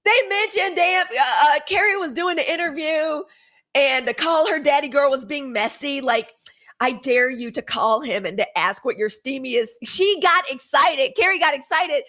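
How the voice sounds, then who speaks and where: A woman's voice: sits high, lively intonation, normal speed, bright, forceful tone. A young woman from Mississippi, hosting a live show in casual, gossipy chat, cursing freely. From Mississippi, USA.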